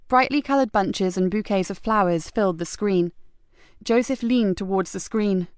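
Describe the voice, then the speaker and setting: A woman narrating a crime novel audiobook in a steady, even read. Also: medium pitch, moderate pace, clean tone, no room sound, studio quality. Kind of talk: scripted narration.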